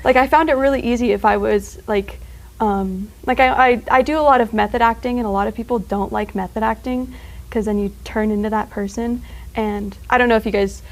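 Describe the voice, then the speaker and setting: This low-quality clip features a teenage student guest whose voice is fairly high and steady. She chats in a rambling, casual way, dropping filler words and laughing quickly here and there.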